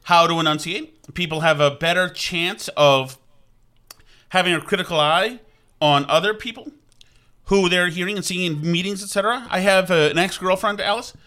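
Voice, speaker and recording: A middle-aged man talks in a loose, rambling chat, circling back on himself with restarts and asides. His voice sits a touch high for a man and rings bright and forward. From Vermont. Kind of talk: casual chat.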